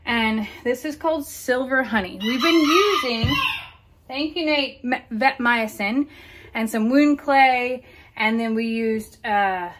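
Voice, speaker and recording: A woman's voice: fairly high pitch, fairly bright tone. A woman caring for farm animals, chatting casually for a vlog and talking sweetly to the animals outdoors.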